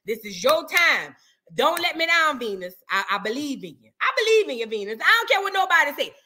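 A woman hosts a casual reaction video with a high, lively voice that jumps all over its range. She teases her subject, circles back to the same lines for laughs and keeps the commentary animated. Her tone is bright and forceful. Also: fairly quick. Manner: teasing, animated, repeats lines for comic effect.

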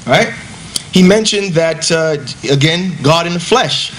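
Male debater with a high voice, emphatic and casual in delivery, rapid-fire rhetorical questions, faint hiss behind. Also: fairly bright tone. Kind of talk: debate rebuttal.

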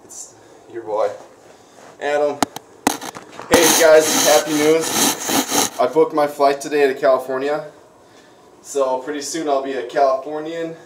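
A man's voice: on the high side, steady tone, measured pace, pauses often, far from the mic, very noisy. A young man from Minnesota with a Minnesotan accent, talking in an upbeat, chatty way full of "like" and "you know" on a casual vlog. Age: young adult. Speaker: vlogger. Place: bathroom with shower. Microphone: phone or tablet camera. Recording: echoey room, voice off-mic.

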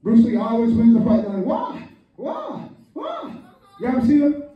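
Older pastor, lively joking sermon, high voice, muffled distant recording in a big echoey church. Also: male voice, fast. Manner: call-and-response preaching, joking asides. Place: church sanctuary. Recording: echoey hall, distant, dull lo-fi.

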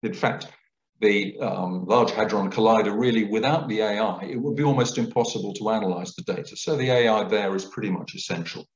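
Male lecturer, lively explanatory delivery, echoey lecture-room recording. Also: lowish voice. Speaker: guest lecturer. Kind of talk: public lecture. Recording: roomy, dull lecture recording.

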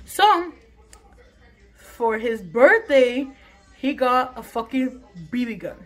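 A woman's voice: a little high, animated, takes it slowly, faint music behind. A young woman telling a story in a casual vlog, chatty and rambling with lots of swearing, filmed on her phone at home. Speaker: vlogger. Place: bathroom at home. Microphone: phone camera.

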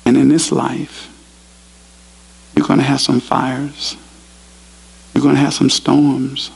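Pastor, husky gravelly voice, earnest preaching. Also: male voice, medium pitch, completely flat delivery, slow, rough recording. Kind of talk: sermon. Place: university chapel.

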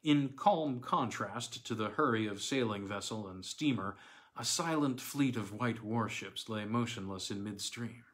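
A man narrating a classic novella in the first person, with a measured, theatrical reading. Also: fairly low pitch, fairly bright tone. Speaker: audiobook reader.

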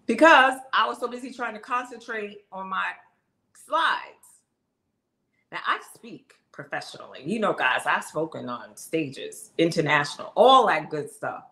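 Emphatic woman coach, bright voice. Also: medium pitch, lively intonation, a little slow. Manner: emphatic, conversational, addresses viewers directly. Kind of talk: motivational casual talk.

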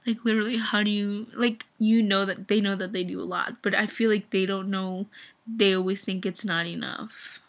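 A woman's voice: mid-range voice, steady tone, moderate pace. A young woman in an emotional vlog rant, upset and teary, talking with lots of "like". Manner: upset, filler-heavy with frequent "like". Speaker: fan vlogger.

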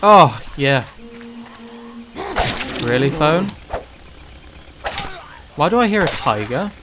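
A man commentating his own gameplay, ranting and swearing with sudden shouted outbursts. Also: on the high side, very animated, takes it slowly, noisy background. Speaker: gaming channel host. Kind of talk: let's play commentary.

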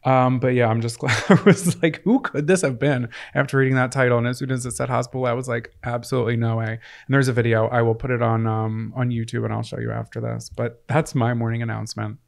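A man co-hosting a podcast, telling stories in animated casual chat. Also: mid-range voice, quick pace, vocal fry, hardly any pauses. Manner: animated storytelling. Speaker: podcast co-host.

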